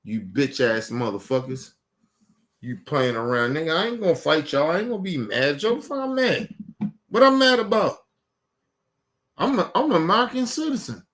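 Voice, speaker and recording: A man's voice: fairly high pitch, lively intonation, moderate pace, fairly bright tone. Cursing man ranting at his viewers. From Baltimore. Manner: emphatic, blunt, cursing, repeats himself; addresses viewers directly, urging them. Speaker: online show host. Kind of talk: profane commentary rant.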